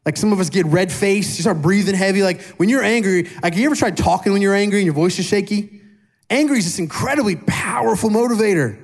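A man in his thirties preaching a sermon in a casual, animated way, asking his congregation questions and poking fun at himself. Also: high voice. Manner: self-deprecating humor. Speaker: pastor. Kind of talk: conversational sermon.

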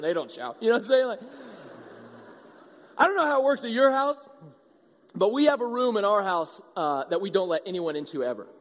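A man preaching a sermon as pastor, animated and acting out the voices of a crowd. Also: sits high. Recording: long hall reverb.

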